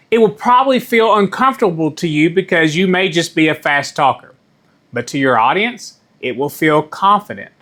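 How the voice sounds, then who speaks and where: A middle-aged man coaching viewers on how to speak, his voice a little higher than most men's. He talks in a measured, deliberate way, leaning on the key words, and sometimes stops to correct himself mid-sentence. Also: a bit bright. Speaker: communication coach. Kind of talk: instructional talk to camera.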